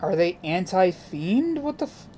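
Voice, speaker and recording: A woman's voice: on the low side, sing-song, a little slow, dark tone, slight background noise. A woman streamer giving casual gameplay commentary, joking around and swearing freely.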